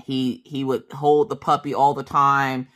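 A woman's voice: a bass voice, measured pace. A woman craft vlogger chatting casually as she tells a story, acting out the voices in her quotes. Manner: animated, acts out voices in quotes; chatty, with many fillers and asides.

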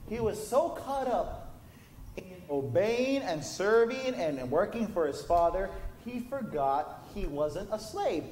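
High-voiced preacher in an echoey church. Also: male voice, big pitch swings, slow, darkish tone, a little hiss or hum. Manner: storytelling, rising to impassioned emphasis. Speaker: pastor. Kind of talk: sermon. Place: church sanctuary.

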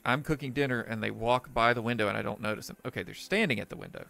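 Sarcastic gravelly-voiced gaming guy. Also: medium pitch, fast talker, bright, forceful tone, faint music behind. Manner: joking, sarcastic, laughs often. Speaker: gaming let's player. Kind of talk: let's play commentary, reading game text aloud. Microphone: desk microphone.

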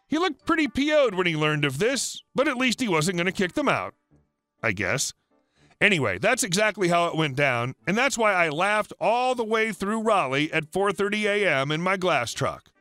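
A man reading a first-person story aloud as a scripted narration, in a flat deadpan storytelling manner. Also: sits high, moderate pace, dry recording, soft background music.

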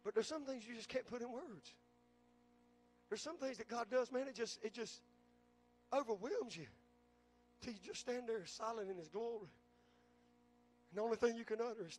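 A man preaching a sermon as pastor, calling out to the congregation and building to shouts. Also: very high-pitched, moderate pace, pauses often.

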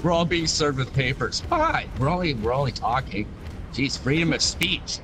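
A man's voice: a little high, lively intonation, normal speed, background noise. A man chatting casually while gaming, telling rambling stories, swearing and laughing often. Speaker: game player. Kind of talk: casual gaming chat with storytelling.

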